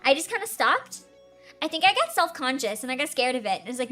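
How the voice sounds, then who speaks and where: Giggly bright-voiced young woman streamer. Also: high-pitched, sing-song, quick pace. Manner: giggly, chatty, says "like" a lot. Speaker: streamer hosting a Q&A. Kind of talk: casual livestream chat. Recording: faint background music.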